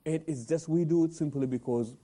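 A man hosts a religious talk program, his voice fairly high in pitch yet very dark and mellow in tone. He talks animatedly, asks questions and answers them himself. Arabic religious phrases come up now and then. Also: a little fast. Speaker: host of Islamic talk program.

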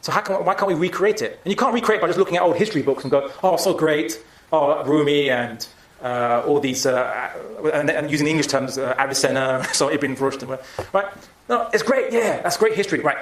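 A man's voice: a little high, brisk, a bit bright, reverberant. A man giving a public talk and taking audience questions, speaking emphatically with frequent restarts.

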